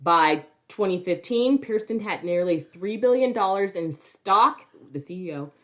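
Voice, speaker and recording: A woman's voice: medium pitch, unhurried. A woman co-hosting a podcast in casual, profane chat, ranting and mocking people in put-on voices. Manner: profane, animated, mocking impressions. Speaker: podcast co-host.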